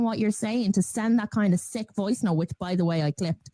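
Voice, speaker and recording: A woman's voice: mid-range voice, normal speed, hardly any pauses, dark tone, no echo, poor audio. A woman presenting on a live show, indignant and exasperated. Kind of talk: live-stream commentary.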